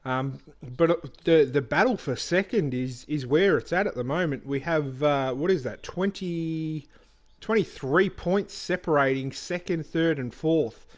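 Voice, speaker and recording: Casting: male racing co-commentator, fairly high voice, easygoing, chatty, filler-heavy delivery. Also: measured pace. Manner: relaxed, many fillers and restarts, says "mate". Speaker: co-commentator and league driver. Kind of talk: casual sim racing commentary.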